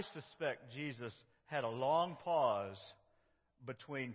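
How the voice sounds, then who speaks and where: A man's voice: medium pitch, animated, measured pace. Man preaching a dramatic sermon. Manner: dramatic, swings between loud cries and hushed prayer. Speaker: pastor. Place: church sanctuary. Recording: dull, echoey church sound.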